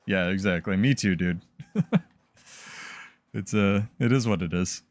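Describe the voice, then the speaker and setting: A man's voice: low-pitched, slow pace, no echo, faint music behind. A man streaming gameplay and chatting casually, with laughing, swearing banter. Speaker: game streamer.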